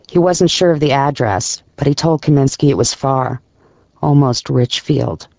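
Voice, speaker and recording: A man reading a story aloud in a measured, even storytelling voice with a gravelly edge. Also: fairly high pitch, dry recording. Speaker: narrator. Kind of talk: scripted audiobook narration.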